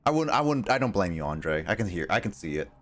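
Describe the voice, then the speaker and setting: A man's voice: low voice, sing-song, fast, fairly bright tone. A male streamer chatting casually while playing a game, rambling with plenty of fillers. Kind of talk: casual chat while gaming.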